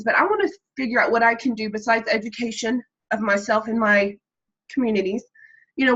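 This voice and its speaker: A woman's voice: a little high, fairly bright tone. A woman from Texas with a mild Texan accent, chatting earnestly on a video call and rambling with many ums. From Texas, USA. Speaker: meeting participant. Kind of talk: casual chat on a video call. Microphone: computer mic on a video call. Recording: slightly muffled call audio.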